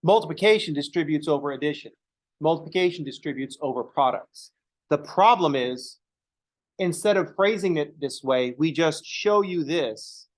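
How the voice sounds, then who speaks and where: A man's voice: fairly high pitch, expressive, normal speed, rough recording. A man teaching a math class in a loose, profane, conversational way, acting out little dialogues between students and teachers. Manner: casual, profane, acts out dialogues. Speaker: math instructor. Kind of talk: informal lecture.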